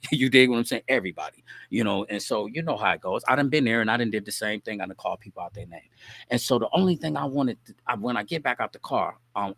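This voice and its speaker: A man with a lowish voice spins a family story for his listeners in loose, slangy talk. He keeps checking in with the audience as he goes. The sound is dry and close. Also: no echo. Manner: animated, slangy, keeps asking "you dig what I'm saying?". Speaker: host. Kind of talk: casual storytelling monologue.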